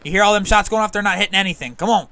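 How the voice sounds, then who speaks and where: A man with a bright, crisp voice pitched a little high leads his team in a live game stream. He rallies them with short, repeated commands over voice chat, clear and forceful. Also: very fast. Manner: commanding, rallying, repeats orders. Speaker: streamer leading a squad as in-game officer. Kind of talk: live gameplay voice chat, barking orders.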